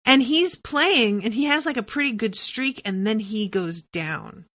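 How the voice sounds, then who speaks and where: A woman's voice: fairly high pitch, expressive, measured pace, a bit bright. A woman hosting a podcast, recapping a TV episode in casual, profane chat and thinking aloud with lots of "like"s.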